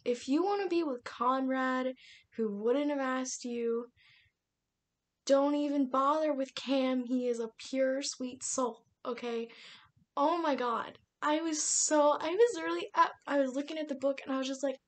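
A young woman with a high-pitched voice rants about a book she just read, exasperated and animated. She draws her words out slowly and breaks into laughter between mocking impressions of the characters. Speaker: book reviewer. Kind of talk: casual ranting book review.

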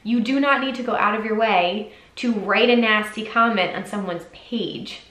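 A woman's voice: mid-range voice, normal speed, a bit bright. A woman hosting a solo podcast, talking candidly and casually, with lots of "like" and frequent swearing. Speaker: podcast host. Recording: echoey room.

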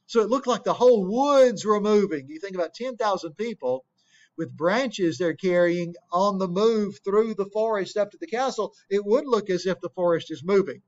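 A man's voice: high-pitched, animated, moderate pace. A man teaching a play, explaining scenes plainly, asking rhetorical questions and reading quotations aloud. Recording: dull lo-fi recording.

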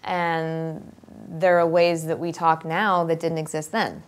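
A woman actress and accent coach talking openly and at length, animated and straightforward, thinking aloud with ums. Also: deep voice, slow pace. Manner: open, straightforward, talkative. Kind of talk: casual interview talk.

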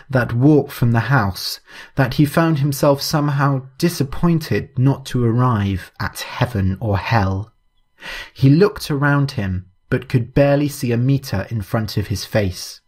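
A man reads a spooky story aloud in a measured, even style. His voice sits at a medium pitch and his pacing stays steady throughout. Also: husky. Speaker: narrator. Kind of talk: scripted story narration.

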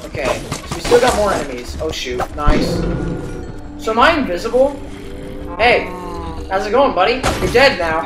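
A woman giving let's play commentary as a gamer, excitable and reacting aloud to every surprise. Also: mid-range voice, a little slow. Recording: roomy, distant mic with game music.

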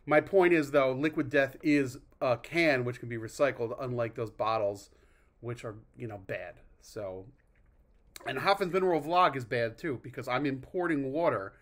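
A man's voice: mid-range voice, normal speed. A man hosting his own vlog, rambling in a wry, self-deprecating way with mock groans and asides. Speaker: vlog host. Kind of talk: casual rambling monologue.

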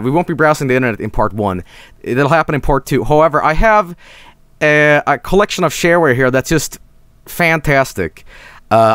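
A male streamer giving rambling, excitable live commentary while clicking through old software, often breaking into laughter. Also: mid-range voice, smooth, dry recording.

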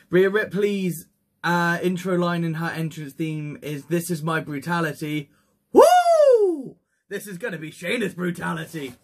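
A young man giving casual wrestling predictions, excitable, swearing freely and whooping with hype. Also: on the high side.

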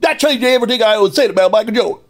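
A man putting on a mocking, loud and excitable impression of a male sportscaster. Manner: fast, high, shouty caricature.

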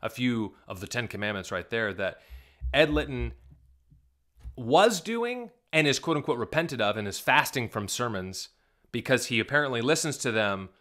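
A man's voice: mid-range voice, a bit bright. A male pastor giving video reaction commentary, emphatic and indignant, firing rhetorical questions at his viewers. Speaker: Southern Baptist pastor.

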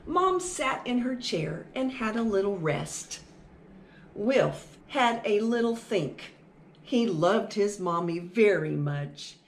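Slow, animated woman reading to kids. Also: fairly high pitch, reverberant, slight background noise. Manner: animated and sing-song, asks the children questions. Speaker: children's storytime reader. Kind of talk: reading a picture book aloud to children.

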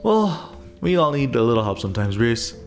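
A man's voice: mid-range voice, sing-song, moderate pace, soft background music. A man voicing an upbeat, welcoming woman pastor while reading game dialogue aloud. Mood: friendly. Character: cheerful kindly woman pastor.

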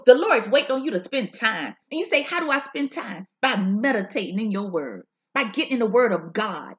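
Fervent high-voiced woman preaching with lively swoops. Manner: fervent, repeats lines for emphasis, soulful drawn-out "ooh" and "mm". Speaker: prophetic preacher. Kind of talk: impassioned prophetic preaching. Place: at home.

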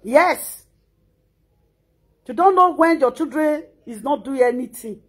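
High-voiced, impassioned Nigerian woman. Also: animated, slow pace. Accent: Nigerian Pidgin. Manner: impassioned, scolding, repeats words. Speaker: social media commentator. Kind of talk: emotional reaction monologue.

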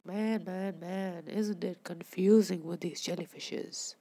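Woman gaming commentator, mellow dark tone, unhurried and chatty. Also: on the low side, steady tone, vocal fry. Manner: chatty, talks to viewers and to the fish on screen. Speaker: gameplay commentator. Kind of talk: casual gameplay commentary.

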